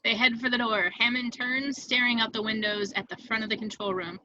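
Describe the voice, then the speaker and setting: Bright-voiced woman reading stage directions. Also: on the high side, fairly even intonation, a little fast, no room sound, lo-fi sound. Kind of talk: table read narration.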